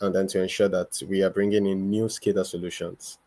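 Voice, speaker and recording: A man founder practicing his startup pitch, hesitant, with many fillers. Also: flat delivery, a little fast, mellow.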